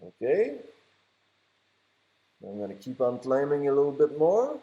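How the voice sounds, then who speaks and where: His pitch swings wildly around a mid-range base as he talks at a measured, mellow pace, the sound lo-fi. The French Canadian man vlogs from a beach by the water on a handheld camera mic, rambling chattily and teasing along the way.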